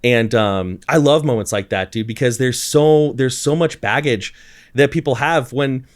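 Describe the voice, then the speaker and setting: A male vocal coach chatting on a podcast, his voice sitting in an ordinary middle register. He tells stories in an animated way, slipping into the voices of the people he quotes. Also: medium pitch, moderate pace. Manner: animated storyteller, acts out quotes, many restarts. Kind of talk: casual podcast chat.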